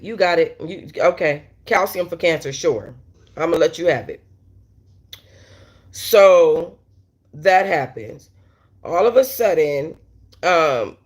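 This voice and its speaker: Her voice sits low, with a darkish tone and a breathy edge. Hosting a storytime livestream, this blunt, profane woman tells a story casually while reading live chat, speaking straight to viewers with plenty of asides.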